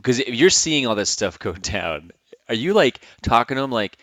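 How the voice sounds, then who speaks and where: A man hosting a podcast, reacting loudly and asking rambling follow-up questions. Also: fairly low pitch, lively intonation, no echo, clean studio sound. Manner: reacts with exclamations, asks rambling quick questions. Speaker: podcast host. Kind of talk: casual interview.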